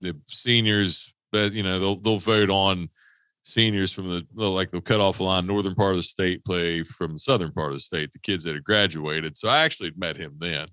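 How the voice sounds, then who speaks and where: A man's voice: deep voice, steady tone, brisk, bright, forceful tone, clean tone, no echo. A man co-hosting a podcast, telling a rambling, profane story with lots of restarts. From West Virginia. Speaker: podcast co-host. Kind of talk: casual storytelling. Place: podcast studio.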